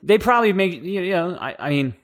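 A young man chatting casually on a podcast, rambling through a story full of "like" and quick acted-out quotes. He slides from high squeaky impressions to low deadpan ones as he tells it. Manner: animated storyteller acting out quoted voices, lots of "like". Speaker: podcast co-host.

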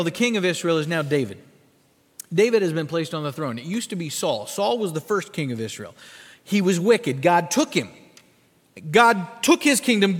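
A man preaching in a church sanctuary, his voice pitched high for a man. He builds from quiet, low phrases to loud emphatic peaks and calls on the congregation to repeat words. A long reverb from the big hall trails each line. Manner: asks the congregation to repeat words and follow in their Bibles. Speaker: pastor. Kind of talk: sermon.

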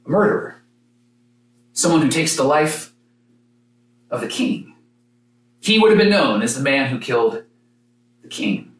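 A man preaching a sermon, telling a story with dramatic pauses and sometimes rising to a shout. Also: on the high side, expressive, echoey room, far from the mic, low-quality recording. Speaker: pastor.

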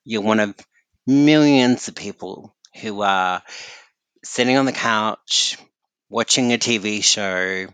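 A podcast guest with a lowish, slightly bright voice, recorded without echo, talks about work and the holidays in casual conversation. He's blunt and candid, swearing freely.

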